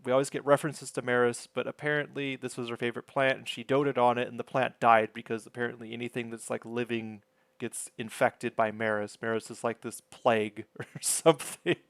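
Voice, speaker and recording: A man's voice: mid-range voice, flat delivery, a little fast, creaky, a bit bright, clear, resonant tone, dry recording. A man casually recapping a sitcom episode in a rambling, chatty, self-deprecating way.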